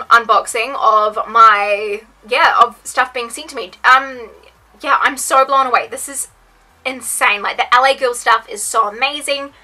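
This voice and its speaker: Gushing young woman, bright voice. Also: a little high, measured pace, low-quality recording. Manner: gushing, gasping, repeated exclamations. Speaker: beauty vlogger. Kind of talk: excited unboxing vlog. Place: bedroom.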